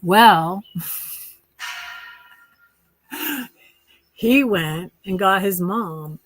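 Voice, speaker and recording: Vlogging from her tiny house, a woman tells a casual story with wry, sarcastic humor, rambling, often restarting, and using many fillers. Her medium-pitched voice has lively intonation and a very slow pace, on a rough recording with no echo.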